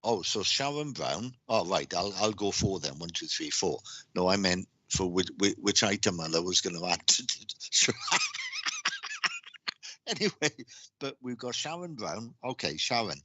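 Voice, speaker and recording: A man giving live psychic readings on a stream, speaking haltingly with lots of repeated words and restarts. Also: low-pitched, lively intonation, pushed and bright, husky. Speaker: psychic reader.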